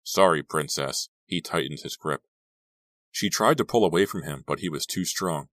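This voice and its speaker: Man, audiobook narration, very low voice, dry close recording, steady delivery. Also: normal speed, dry recording.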